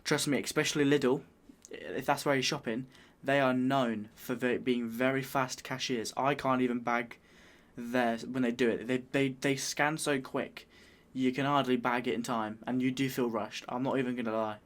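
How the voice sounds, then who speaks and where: A man's voice: mid-range voice, fairly even intonation, normal speed, hardly any pauses. A British man in a medium register comments on a clip. He talks casually and rambles, sounding bemused. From United Kingdom. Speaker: reaction video host.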